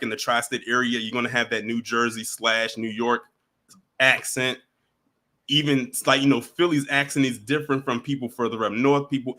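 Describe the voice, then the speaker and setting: A man's voice: mid-range voice, bright, forceful tone. A man giving casual commentary straight to his viewers, emphatic and repeating his points. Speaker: commentary vlogger.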